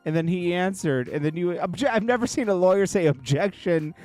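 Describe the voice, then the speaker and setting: A man reading court testimony aloud in a casual commentary style, in a low murmur broken by quick reactions. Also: no echo, faint music behind. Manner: reads quotes in a low murmur, then reacts loudly with laughs.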